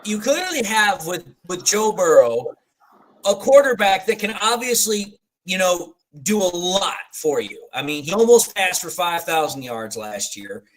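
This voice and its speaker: A man's voice: high-pitched, big pitch swings, a little slow, rough recording. A man hosting a fan live stream, chatting casually about football and laughing as he retells movie scenes. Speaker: fan show host.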